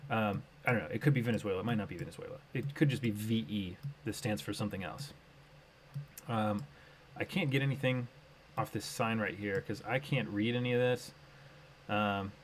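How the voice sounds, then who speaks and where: A man's voice: medium pitch, slight background noise. A man streaming a game live, chatting casually and thinking aloud with many fillers and restarts, on a desk microphone at home.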